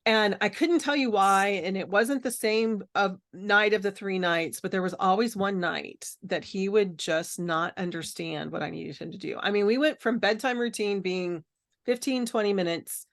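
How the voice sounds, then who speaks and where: A middle-aged woman speaks as a podcast guest in a voice of ordinary, middle pitch. She tells her story in an earnest, reflective way, full of small fillers and restarts. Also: moderate pace, fairly bright tone. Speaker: podcast guest, caregiving coach. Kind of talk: personal storytelling in conversation.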